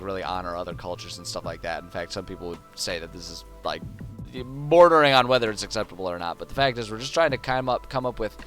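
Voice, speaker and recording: A man's voice: lowish voice, a bit bright. A young adult man from the United States, streaming and rambling through world-building notes, thinking aloud with lots of fillers and restarts. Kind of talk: casual livestream talk while world-building.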